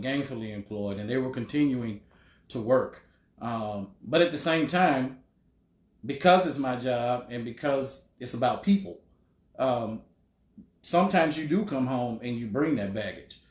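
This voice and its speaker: A middle-aged man, talking in a casual interview as a guest, measured and pausing often on "um". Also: mid-range voice. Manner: measured, many "um" pauses. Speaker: homeless shelter director, guest. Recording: roomy echo.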